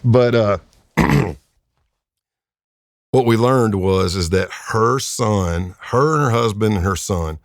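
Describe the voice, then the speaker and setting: A man's voice: deep voice, dry recording, clean studio sound. A middle-aged man, a retired undercover agent, telling crime stories in a casual, laid-back way, with lots of fillers and chuckles. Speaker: retired FBI undercover agent, podcast guest. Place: podcast studio.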